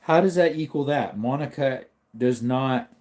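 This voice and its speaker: A man hosts a relaxed livestream, rambling as he answers viewers in the chat. His voice sits at a middle pitch. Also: unhurried. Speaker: livestream host.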